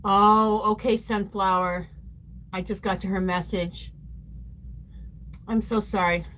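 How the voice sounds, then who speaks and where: A woman's voice: medium pitch, fairly even intonation, takes it slowly, a bit bright, a little hiss or hum. A woman hosting a casual craft livestream, chatty and playful, reading viewer comments aloud and laughing often. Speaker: livestream host.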